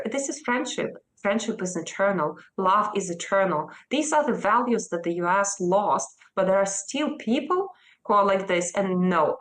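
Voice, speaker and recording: A woman's voice: fairly low pitch, a bit bright. A woman in her thirties from Russia with a Russian accent, answering a news interviewer emphatically and insistently. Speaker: interview guest.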